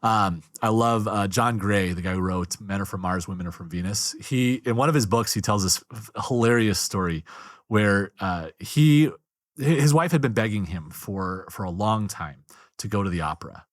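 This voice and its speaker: Brief: man on a podcast, low voice, dry close sound, animated storyteller. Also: normal speed, no echo. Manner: animated storyteller, acts out quotes. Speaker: marriage guest speaker. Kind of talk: podcast conversation.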